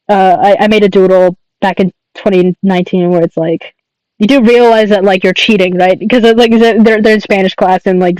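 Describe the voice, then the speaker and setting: High-voiced rambling male streamer. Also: smooth, no echo, rough recording. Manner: rambling, enthusiastic, many fillers and restarts. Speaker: streamer and artist. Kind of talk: casual livestream chat.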